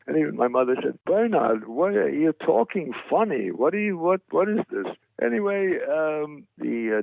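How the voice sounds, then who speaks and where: Older man, gravelly voice, lively ups and downs, dry tinny phone sound. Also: mid-range voice, dry recording. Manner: animated anecdotes, salty language. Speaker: actor guest. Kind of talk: storytelling interview.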